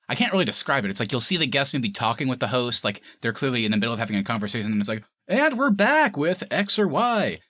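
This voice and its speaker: A man co-hosting a film review podcast in casual chat, animated and laughing often as he acts out scenes. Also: medium pitch, no echo, clean studio sound.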